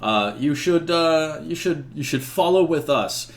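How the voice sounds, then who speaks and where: A man's voice: a little high, lively intonation, a little slow, voice pushed up. A man voicing an eager, fussy young male knight who greets travelers politely in a tabletop game.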